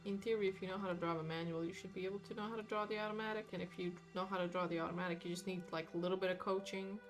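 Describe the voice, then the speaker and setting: A woman's voice: mid-range voice, fairly even intonation, racing. A woman art streamer chatting casually while she paints, rambling with lots of fillers and hedges. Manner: rambling, hedging, many fillers and restarts. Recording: music playing behind.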